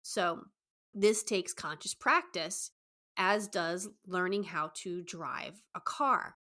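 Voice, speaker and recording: Woman, young adult, slightly low voice, quick excited delivery, podcast coach. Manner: fast, excited, enthusiastic delivery. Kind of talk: solo podcast advice talk.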